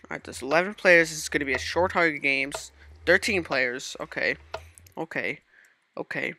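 A man's voice: on the high side, normal speed, slight background noise. A man giving casual gameplay commentary, talking to himself and bursting into startled outbursts. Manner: excitable self-talk with sudden startled outbursts. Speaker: gaming channel host.

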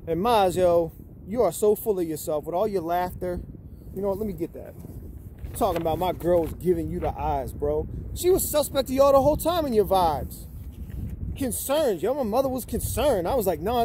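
A man's voice: sits high, animated, normal speed, warm tone. A man reading scripture aloud and calling people out in a casual, confrontational rant. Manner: accusatory, calls people out, tags lines with "man" and "bro". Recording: noisy background with passing vehicles.

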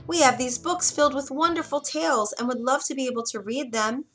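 A woman's voice: high voice, brisk, fairly bright tone, faint music behind, pitched above the performer's own voice. A woman doing Doc the eager dwarf. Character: curious, earnest male dwarf. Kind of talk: storybook narration.

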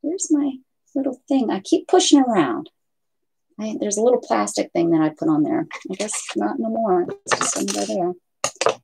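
A woman's voice: medium pitch, moderate pace, vocal fry, dark tone, slightly rough. A woman hosting a casual craft livestream from home, chatting and rambling to viewers and her pets. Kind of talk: casual live chat with viewers.

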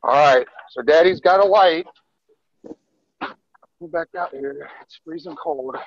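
A man's voice: fairly high pitch, slow pace, gravelly, no echo, dull audio. A father chatting playfully with his daughter on a phone video, grumbling dramatically. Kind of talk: casual family vlog chat. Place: family home, stepping outside into snow at night. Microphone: handheld phone camera.

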